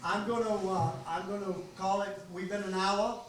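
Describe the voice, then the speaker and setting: A man's voice: high voice, steady tone, moderate pace, recorded from a distance, a little hiss or hum. Older Maine man telling stories in an echoey room. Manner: rambling, folksy, full of ums and restarts. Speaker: host of a storytelling gathering. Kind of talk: casual storytelling to an audience. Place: library meeting room.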